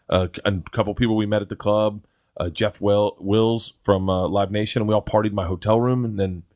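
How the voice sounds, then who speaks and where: Middle-aged male comic guest, low voice, rambling profane storyteller, dry studio sound. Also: dry recording. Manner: rambling, laughing, profane anecdotes. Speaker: guest comedian. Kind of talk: casual storytelling.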